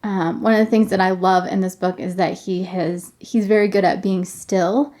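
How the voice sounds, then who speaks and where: A woman's voice: medium pitch, fairly even intonation, moderate pace, mellow. A woman podcast host chatting enthusiastically and reading a novel aloud.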